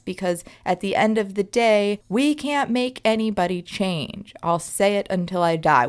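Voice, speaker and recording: A woman in her thirties hosts a solo podcast, speaking at a medium pitch. She reflects in an emphatic, conversational manner and frequently checks in with her listeners.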